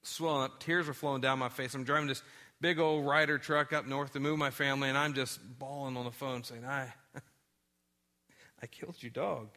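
A man preaching a sermon and telling a personal story in an animated way, dropping quiet for the sad parts. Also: mid-range voice, brisk. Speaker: pastor.

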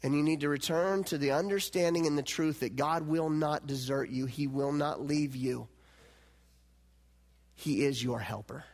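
A man preaching a sermon as pastor, animated and swinging between loud, emphatic lines and hushed, quiet ones. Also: on the high side, moderate pace. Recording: long hall reverb.

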